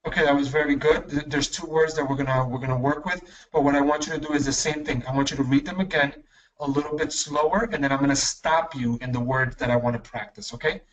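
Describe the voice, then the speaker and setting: A male English teacher running an online class, patient and encouraging, correcting pronunciation slowly. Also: a little high, fairly even intonation, distant mic, lo-fi sound.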